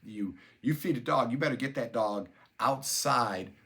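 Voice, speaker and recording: A man's voice: medium pitch, measured pace, gravelly, a bit bright. An older man talking as a neuroscience educator, conversational and explanatory, repeating words and spelling out terms as he goes. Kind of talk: explanatory talk.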